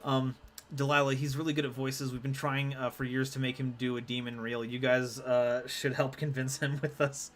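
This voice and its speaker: A man's voice: mid-range voice, level tone, moderate pace, soft background music. A man streaming a card game live, rambling and self-deprecating as he chats with his viewers. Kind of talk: live gameplay commentary.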